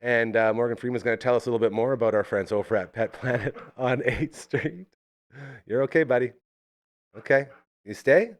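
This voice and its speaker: A man hosting a live podcast in a chatty, animated way, talking to his dog between segments. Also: medium pitch, a little fast. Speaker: host.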